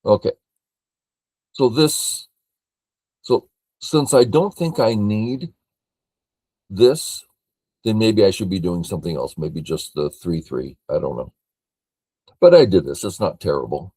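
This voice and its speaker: An older man from California walks through a board game as a teacher, thinking aloud in a matter-of-fact way. His voice sits somewhat low and he talks very slowly. The sound is dry and close. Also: expressive, mellow, breathy edge, no room sound. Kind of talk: game review lesson.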